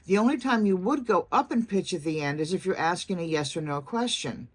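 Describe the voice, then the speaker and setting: A woman accent coach giving a clear, deliberate lesson, demonstrating phrases aloud. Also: low-pitched, darkish tone. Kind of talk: instructional talk to camera.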